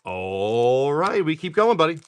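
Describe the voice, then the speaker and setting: Opening card packs live, this middle-aged seller has a sing-song voice on the high side, clear and resonant. He lists card names at speed and talks with buyers in casual commentary full of chatty asides.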